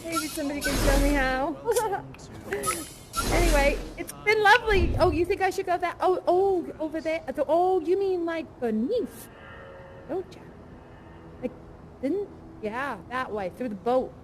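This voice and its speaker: Woman playing a bubbly young bar worker, high-pitched, rambling, gushing, live immersive theater. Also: animated, unhurried, soft background music. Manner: chatty, gushing, giggly, rambling. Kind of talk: improvised in-character audience interaction.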